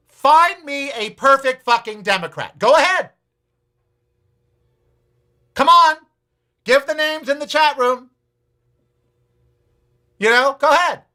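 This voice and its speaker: A man's voice: very high-pitched, pushed and bright. A man hosting a political talk show, ranting with profanity, sarcasm and repeated challenges to his audience. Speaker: podcast host.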